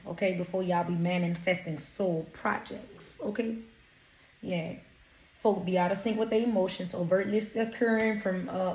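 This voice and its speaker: In a roomy, echoing space, a woman from Louisiana gives an informal channeled energy reading. She's a blunt intuitive reader who swears and uses street slang, speaking in a mid-range, slightly mellow voice.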